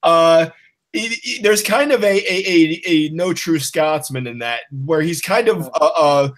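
Hesitant analytical man, slightly high voice. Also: a little slow. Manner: hesitant, lots of uh fillers, analytical. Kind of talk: casual podcast discussion.

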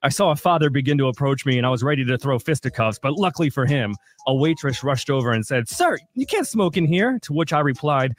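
A man's voice: mid-range voice, fast, hardly any pauses. A man co-hosting a radio show, reading a comic review in a dry, mock-pretentious storytelling manner from a studio.

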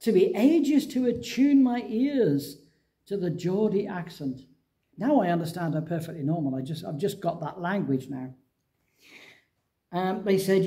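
A middle-aged man from England preaching a sermon, telling a Bible story with lively acted-out dialogue. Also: high-pitched, measured pace.

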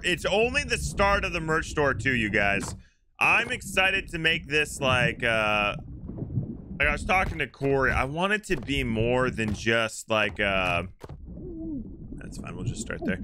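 Excitable male streamer, high, lively voice, yells at the game over loud sea and boat sounds. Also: noisy background. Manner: excitable, yelps and shouts at the game. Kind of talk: live gameplay commentary.

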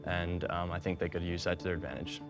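A man's voice: low-pitched, flat delivery, fast, soft background music. A man on a voter panel, speaking hesitantly and repeating words as he weighs his opinion. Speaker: panel participant. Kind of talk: casual discussion.

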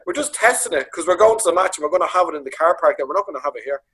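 A Dublin man on a video call, telling lively anecdotes about his late father, acting out voices and swearing freely. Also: on the high side, racing, few pauses, husky, rough recording. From Ireland. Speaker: comedian guest. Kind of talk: casual storytelling on a video call.

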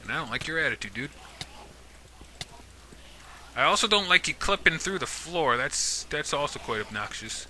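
A man's voice: fairly high pitch, lively intonation, normal speed, pauses often, pushed and bright, slight background noise. A man giving casual let's-play commentary, talking to game mobs in a jokey, mock-menacing way. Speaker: gaming YouTuber.

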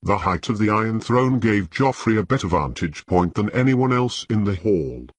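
A man reading a fantasy novel aloud as an audiobook narrator, in a measured, unhurried way. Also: fairly low pitch, lively intonation, slightly rough, no room sound.

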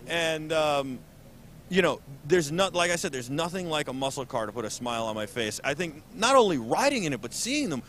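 Brief: upbeat male host, slightly high voice, faint hall rumble behind. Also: fairly quick. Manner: eager, animated, repeats words. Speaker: auto show host. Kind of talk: enthusiastic interview. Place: busy convention hall booth.

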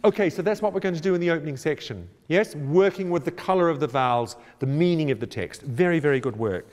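A man leads a choir rehearsal in a brisk, encouraging way, slipping in jokes and singing phrases to show how they go. His voice sits fairly high and leaps around animatedly. The sound rings with the long reverb of a large hall. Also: expressive, darkish tone. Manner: encouraging, brisk, jokey asides, sings and demonstrates phrases. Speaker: choir director.

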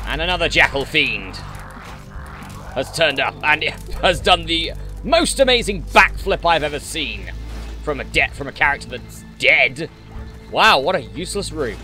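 A man chats his way through a dungeon game, teasing the monsters he fights. His voice sits a bit high and bright and jumps around a lot, captured on a noise-suppressed desktop mic at home. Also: very animated, a little slow, faint music behind. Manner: chatty, playful, mutters asides to enemies. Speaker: gaming channel host. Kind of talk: let's play commentary.

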